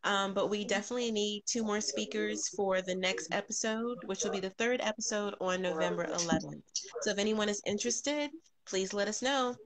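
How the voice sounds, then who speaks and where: A woman's voice: mid-range voice, fairly quick, a crowd in the background. Woman hosting a live stream. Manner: warm greetings to viewers, frequent ums. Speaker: podcast host.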